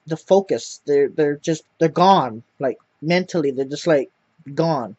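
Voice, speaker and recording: A man's voice: fairly high pitch, a little mellow, dry recording. A man telling a rambling personal story to camera, repeating words and swearing often. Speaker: vlogger. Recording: dull lo-fi dry sound.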